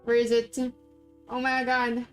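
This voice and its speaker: A giggly young woman from the Philippines talks in an unhurried, slightly high voice as she streams a game. Her tone is smooth and clear, and she laughs and swears casually. Faint music plays behind her. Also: monotone. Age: young adult. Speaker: VTuber streamer. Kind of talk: casual live-stream chat while gaming.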